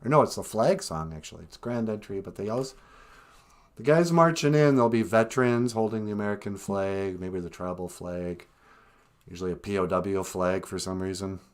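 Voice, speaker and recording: A man's voice: sits low, a little fast. A man hosting a casual livestream, rambling and self-deprecating as he chats to viewers. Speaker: livestream host.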